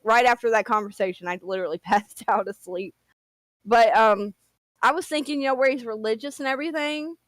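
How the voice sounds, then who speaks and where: A woman's voice: on the high side, no echo. A woman with an East Tennessee accent, chatting on a livestream as a guest, rambling and giggling with many restarts. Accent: East Tennessee Southern. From near Washington DC, raised in Tennessee. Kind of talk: casual livestream chat.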